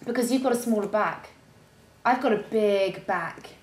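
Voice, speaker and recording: A woman from Guernsey co-hosting a podcast, chatting casually, animated and laughing, sometimes slipping into a posh put-on voice. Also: mid-range voice, normal speed. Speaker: podcast co-host. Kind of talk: casual chat. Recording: roomy echo, faint noise.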